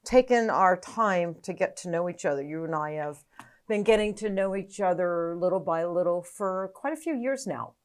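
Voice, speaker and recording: A woman hosting a casual podcast conversation, effusive and quick to laugh. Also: on the low side. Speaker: podcast host.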